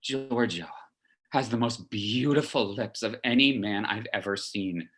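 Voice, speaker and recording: A man's voice: lowish voice, a bit bright. An actor playing a lonely, lovesick man who rambles and confesses in a video message to his mother, in a theatrical monologue. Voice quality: gushing, rambling, quick to confess. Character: lovesick, lonely, chatty young man in lockdown.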